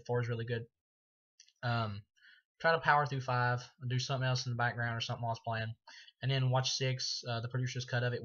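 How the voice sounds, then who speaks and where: Rambling, foul-mouthed man with a bright, flat voice. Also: mid-range voice. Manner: rambling, profane, full of fillers. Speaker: movie reviewer. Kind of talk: casual spoken film review. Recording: dull lo-fi recording.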